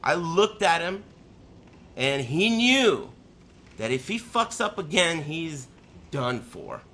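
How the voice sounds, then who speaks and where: A man telling a story in a casual, profane rant, swinging between loud outbursts and low mutters. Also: sing-song, slow pace. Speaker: storyteller on a live stream.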